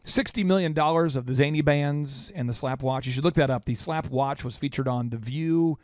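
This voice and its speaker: Male podcast host with a raised voice, rapid-fire storyteller, poking fun at himself, dry close sound. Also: a little high, dry recording. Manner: animated, rapid-fire, self-mocking. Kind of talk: storytelling in casual chat.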